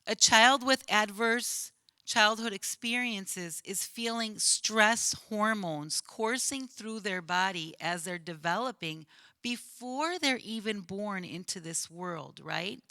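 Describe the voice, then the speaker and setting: A woman's voice: medium pitch, slow, sharp tone, no room sound. A woman in her fifties, a school counselor, telling a vivid story at a panel and checking in with "right?". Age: 50s. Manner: earnest, vivid retelling with frequent "right?".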